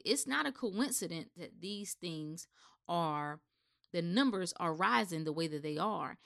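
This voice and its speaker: A woman's voice: lowish voice, animated, measured pace, gravelly, fairly bright tone. A woman giving a blunt, impassioned, unscripted rant with swearing, speaking straight to her listeners.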